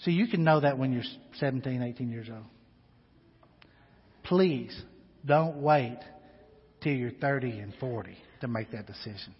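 A man preaching a sermon in a church, telling a personal story and swinging between hushed asides and loud, rising exhortation. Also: medium pitch, measured pace, long pauses, husky. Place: church sanctuary. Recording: long hall reverb, dull lo-fi sound.

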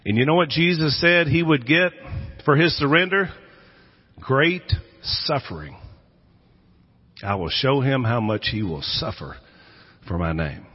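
A man's voice: medium pitch, expressive, a little slow, long pauses, slightly rough, soft background music. A male pastor giving a sermon, telling Bible stories dramatically and acting out the voices in them. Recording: echoey hall, dull lo-fi sound.

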